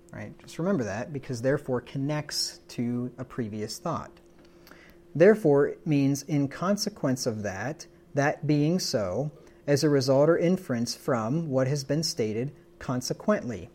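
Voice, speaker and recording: A man with a mid-range, somewhat dark voice teaches the Bible verse by verse in a sermon. He explains scripture emphatically, like a teacher, frequently repeating words along the way.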